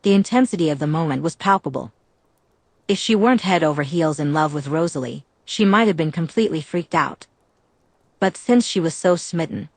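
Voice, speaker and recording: A woman narrating a fanfiction audiobook in a steady, even reading. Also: low voice, no room sound.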